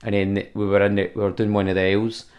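A man's voice: on the low side, fast. A Scottish man hosting a podcast, telling travel stories in casual chat and swearing freely. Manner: animated storyteller, swears freely. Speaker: podcast host.

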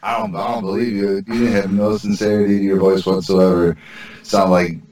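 A man's voice: low-pitched, flat delivery, fairly quick, a little mellow, distant mic. A man on a comedy podcast, joking in a mock-sensitive, whiny way. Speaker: podcast co-host. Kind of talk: casual comedy chat.

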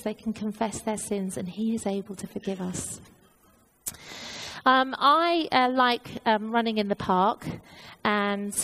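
A woman's voice: a little high, low-quality recording. A woman preaching a sermon, telling a personal story in an earnest way with many fillers and restarts.

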